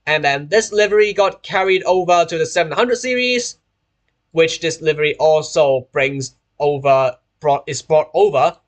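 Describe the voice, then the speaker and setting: A young man from Hong Kong, a little high in pitch, talks casually while streaming. His English has a British-sounding accent, his throat is sore, and he rambles, restarting and correcting his phrases as he goes. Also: fairly bright tone. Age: young adult. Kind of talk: casual live-stream chat while playing a train simulator.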